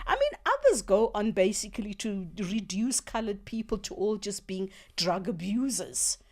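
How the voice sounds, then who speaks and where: A woman's voice: medium pitch, sing-song, normal speed, a little mellow. A woman hosting a radio talk show, speaking earnestly and emphatically as she thinks aloud in the studio.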